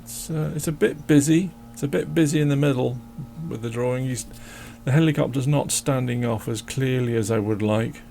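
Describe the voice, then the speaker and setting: A man's voice: mid-range voice, normal speed, creaky, few pauses, dark tone, a little hiss or hum. A man chatting casually as he draws, rambling and joking and talking to his dog. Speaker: drawing channel host. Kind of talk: casual chat while drawing.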